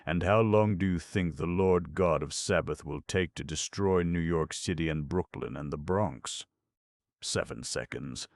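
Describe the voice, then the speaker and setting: A man voicing a half-mad old male tramp who preaches in a sing-song voice, mumbling and then shouting. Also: rumbling low, big pitch swings, measured pace, gravelly, no room sound, studio quality, heavily acted. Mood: prophesying.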